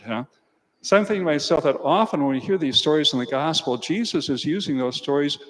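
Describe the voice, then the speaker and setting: An older man, a priest, giving a homily in a folksy storytelling way and speaking to the children. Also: on the high side. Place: church. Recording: church hall reverb.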